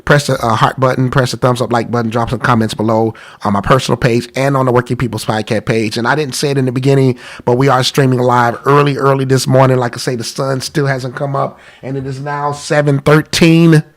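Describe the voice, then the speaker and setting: A man's voice: medium pitch, little pitch movement, brisk, hardly any pauses. A man hosting a live-streamed talk about money, congested from a cold, earnest and pleading, repeating himself. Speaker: podcast host.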